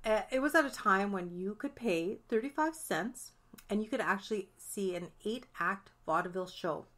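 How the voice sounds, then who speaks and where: A woman's voice: medium pitch, normal speed, a bit bright. A woman co-hosting a podcast, chatting casually, swearing lightly and joking along. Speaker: podcast co-host. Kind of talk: casual chat.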